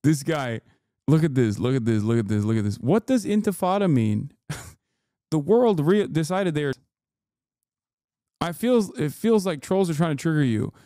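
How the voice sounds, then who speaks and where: A man's voice: on the high side, lively intonation, normal speed, pauses often, warm tone, no room sound, studio quality. A man in his thirties commenting on videos during a live stream, sarcastic and mocking and often laughing.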